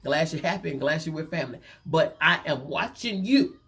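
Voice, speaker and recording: A woman's voice: low-pitched, expressive. A woman hosting a gossip show, teasing and playful, repeating herself for effect. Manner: playful, repetitive, drawn-out teasing. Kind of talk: casual gossip chat.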